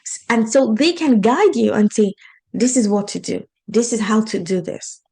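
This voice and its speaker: A woman's voice: fairly high pitch, lively intonation, normal speed, a little mellow, slightly rough. A woman with an accent hosting a solo podcast, talking earnestly and encouragingly straight to her listeners. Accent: non-native English accent. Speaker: podcast host and life coach.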